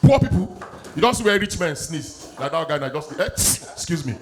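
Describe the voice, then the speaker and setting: High-voiced Nigerian stand-up comic. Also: male voice, brisk. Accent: Nigerian Pidgin English. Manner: animated, loud, acting out bits. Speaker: stand-up comedian. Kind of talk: stand-up comedy set.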